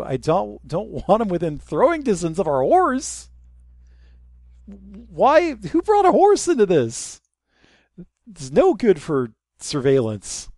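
Casual sarcastic gamer guy, bouncy pitch, dry close sound. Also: a little mellow, no echo. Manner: joking, sarcastic, drops to a mutter while sneaking. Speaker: gameplay commentator. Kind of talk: casual let's-play commentary.

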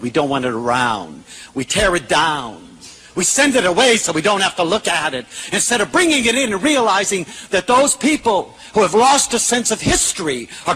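Bright, lively man giving a lecture. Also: fairly high pitch, slight background noise, poor audio. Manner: animated, storytelling, self-mocking humor. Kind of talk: public lecture to an audience.

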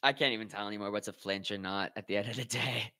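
A young man hosting a live watch party, commentating on slap fights with excitable, profane banter and shoutouts to his chat. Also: on the low side, fast talker. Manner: excitable, swears a lot, talks to chat. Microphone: headphones with mic.

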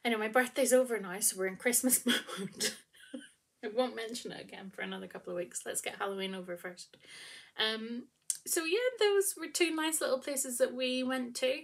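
Young woman, knitting podcast host; rambling, chatty delivery, slightly high and husky. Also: normal speed. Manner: chatty, rambling with frequent ums. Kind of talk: casual chat to camera. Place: at home, seated.

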